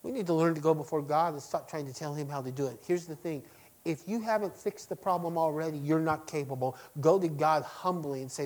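A middle-aged man preaching to his congregation, swinging between loud emphasis and quiet lines and asking them direct questions. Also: on the high side, a little fast. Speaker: pastor. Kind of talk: sermon.

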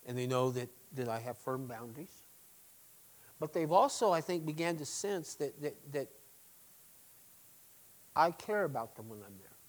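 A middle-aged man, a pastor, preaching a sermon, swinging between loud emphatic stresses and quiet asides. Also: mid-range voice, expressive, a little slow, pauses often, rough recording.

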